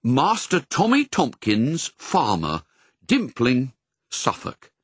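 A man's voice: mid-range voice, wildly swooping pitch, slow pace, husky, dry recording, full character voice. Man voicing Nanny Butler, a prim old nanny. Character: proper old nanny, woman. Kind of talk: audiobook reading.

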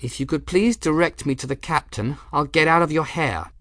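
A man voicing a weary, sharp-tongued young noblewoman in an audiobook, polite but exasperated. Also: fairly high pitch, normal speed, dry recording, clean studio sound, voice pushed up.

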